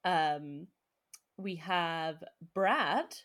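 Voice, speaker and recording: A young woman talks in a lower register, rambling happily through a podcast chat. She laughs easily and leans on filler words as she goes. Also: extremely slow, fairly bright tone. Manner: chatty, laughs often, trails off in filler words. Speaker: podcast co-host. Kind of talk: casual chat.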